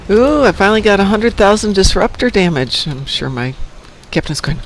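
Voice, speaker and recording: A man's voice: high voice, fairly quick, hardly any pauses, slight background noise. A man giving casual, joking commentary while playing a video game, poking fun at himself and his team. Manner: joking, self-mocking, makes pew-pew sounds. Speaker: gameplay commentator.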